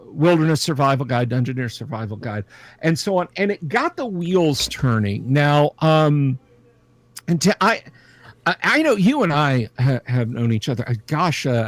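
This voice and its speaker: A man's voice: mid-range voice, no room sound. Middle-aged man, livestream host, casual rambling chat, jokey, fillers and restarts, dry close sound.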